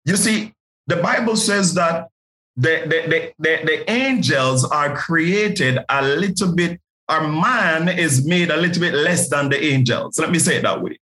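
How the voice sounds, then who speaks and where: A man's voice: a little high, lively intonation, a little slow, sharp tone, low-quality recording. An earnest male pastor with a Jamaican accent, guesting on a podcast. He speaks in a preaching manner and stumbles over repeated words as he builds toward a point. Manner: earnest, repeats words when starting a thought.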